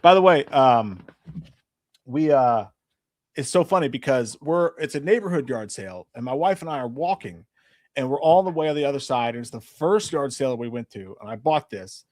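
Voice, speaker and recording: A man's voice: mid-range voice, lively intonation, normal speed, darkish tone, dry recording, clean studio sound. A man in his forties hosting a live stream, telling a rambling story with crude jokes in casual chat. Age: 40s. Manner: rambling and jokey, with crude humor.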